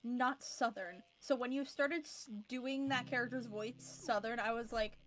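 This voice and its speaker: Woman, high voice, chatty, animated storytelling, casual stream talk. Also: a little slow. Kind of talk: casual chat while streaming.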